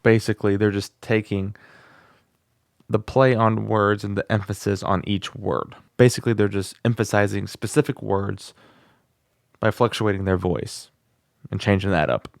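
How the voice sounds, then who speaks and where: Low-voiced man hosting a home singing vlog. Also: fairly even intonation, normal speed, creaky, no room sound, studio quality. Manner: chatty, self-deprecating, practicing vocal exercises aloud. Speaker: music channel host. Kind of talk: casual vlog lesson. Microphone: studio microphone.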